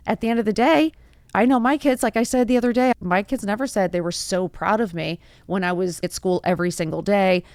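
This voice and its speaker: A woman's voice: mid-range voice, steady tone, a little fast, a little mellow, no room sound. A woman in her forties hosting a motivational talk show, speaking earnestly in strings of rhetorical questions that rise into emphatic bursts. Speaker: podcast host. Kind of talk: motivational monologue.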